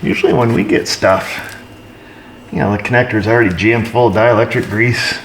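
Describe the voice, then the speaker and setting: A man narrates his repair work on a truck in a relaxed, casual way, dropping dry jokes to the viewers as he goes. His voice sits somewhat low and rings off the walls of a roomy auto shop, with faint shop ambience behind him. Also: normal speed, slight background noise. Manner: dry, joking asides to viewers while diagnosing.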